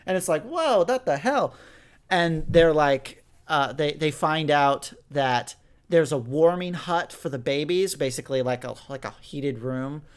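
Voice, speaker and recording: A man's voice: on the high side, unhurried, smooth. A young man co-hosting a podcast, rambling through a story recap with lots of restarts. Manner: rambling, frequent restarts and fillers. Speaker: podcast co-host. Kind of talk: casual chat reviewing an audio drama.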